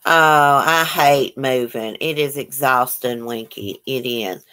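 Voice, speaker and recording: Woman livestream host, deep voice, chatty, reads comments aloud. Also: slow pace, bright, forceful tone. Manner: chatty, reads out viewer comments and greets them. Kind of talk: casual livestream chat.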